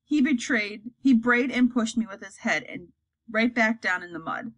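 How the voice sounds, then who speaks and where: A woman reading a children's fantasy story aloud, acting out the characters in a lively way. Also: fairly high pitch, normal speed, rough recording. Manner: acts out characters, lively delivery. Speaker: audiobook reader.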